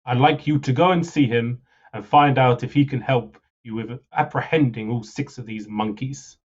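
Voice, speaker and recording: Dude reading a worried game king, earnest and steady, kinda muffled audio. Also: medium pitch, normal speed, natural voice. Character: troubled male ruler worried for his citizens.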